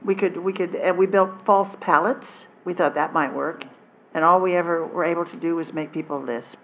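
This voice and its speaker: A woman speaking as a panelist on deception, halting and restarting her phrases and trailing off softly. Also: fairly low pitch, steady tone, a little hiss or hum. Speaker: panelist, former intelligence officer. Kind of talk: panel discussion answer. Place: convention panel room. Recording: dull convention panel audio.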